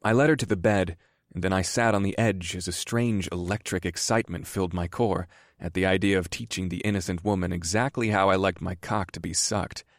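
A man narrating a first-person audiobook in a slow, measured reading. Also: deep voice, steady tone, dry recording, clean studio sound.

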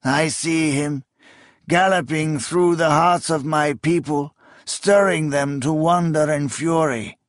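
Male narrator as a dying old king: weak, slow, half-whispered, tender, audiobook. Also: mid-range voice, lively intonation, husky, dry recording, clean studio sound. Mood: rapt. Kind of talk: audiobook character reading.

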